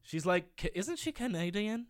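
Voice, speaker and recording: A man's voice: high-pitched, big pitch swings. A man co-hosting a podcast in casual, joking banter. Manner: quick, joking banter with laughs. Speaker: podcast co-host. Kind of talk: casual chat.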